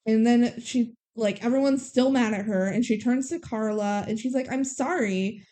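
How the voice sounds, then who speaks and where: A woman with a somewhat high voice chats through a movie recap for a podcast. She retells the scenes with a lot of life and keeps slipping into the characters' lines as she goes. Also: steady tone, moderate pace, dark tone. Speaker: podcast co-host. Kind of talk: casual chat recapping a movie.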